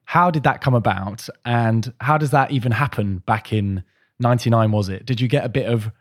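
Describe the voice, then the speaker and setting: A man hosting a podcast, reading a sponsor message and asking his guest measured, friendly questions. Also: mid-range voice, no room sound, studio quality. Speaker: podcast host. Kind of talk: interview and read sponsor message.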